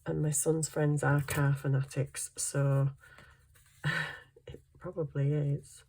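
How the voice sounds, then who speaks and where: A middle-aged woman with a low, husky voice chats unhurriedly as she crafts. She thinks aloud and pokes fun at herself between tasks. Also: level tone, takes it slowly, mellow. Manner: chatty, thinks aloud while working, self-deprecating. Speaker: craft vlogger. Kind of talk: casual chat while crafting.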